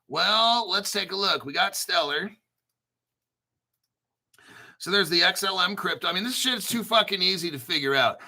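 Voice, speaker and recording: A man hosting a crypto show, ranting bluntly and profanely while clearing his throat often. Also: high voice, pushed and bright.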